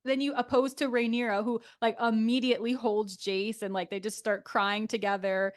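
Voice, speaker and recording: Young female co-host, higher register, lively gossipy delivery with lots of "like". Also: moderate pace. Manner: animated, frequent "like" fillers, laughs often. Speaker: podcast co-host. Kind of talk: casual chat recapping a TV show.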